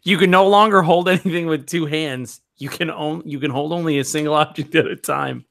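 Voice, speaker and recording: A man's voice: fairly high pitch, brisk, creaky, a bit bright. A man playing a tabletop game, chatting casually and joking, exclaiming often. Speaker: player.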